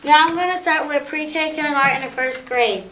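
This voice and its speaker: A woman on a school's staff reading out student awards in a halting way. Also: high-pitched, pushed and bright. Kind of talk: school announcements. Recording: echoey room with faint noise.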